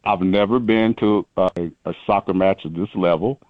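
A man's voice: deep voice, fairly even intonation, moderate pace, no echo, narrow, tinny audio. A man hosting a radio show in bantering talk, stressing the last word of each sentence.

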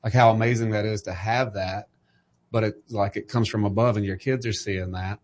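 A man's voice: on the low side, fairly even intonation, moderate pace, a little mellow. A man in his forties, a host, speaking heartfelt and a bit preachy about faith in a casual conversation. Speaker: podcast host.

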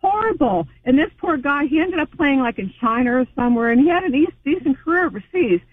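A man calling in to a sports radio show, talking in an animated, sarcastic way. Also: very high voice, fast talker, dry recording. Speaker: caller. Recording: tinny phone line.

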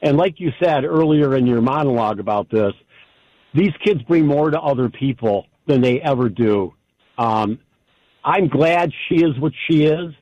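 A man in his fifties calling in to a radio show, speaking warmly and proudly about his family. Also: mid-range voice, expressive, moderate pace, no room sound. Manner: warm, grateful, proud parent. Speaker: caller. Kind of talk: call-in radio talk. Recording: dull lo-fi phone line.

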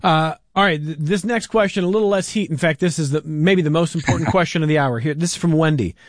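A man hosting a radio call-in show, reading listener emails and putting questions to his guest in a relaxed way. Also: fairly high pitch, quick pace, no room sound, studio quality. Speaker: radio talk show host.

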